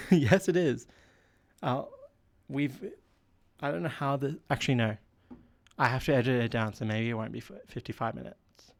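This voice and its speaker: A man's voice: medium pitch, steady tone, moderate pace, creaky, pauses often. A young man hosting a solo podcast, rambling casually with lots of filler words while he feels unwell. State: unwell with a headache. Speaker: podcast host.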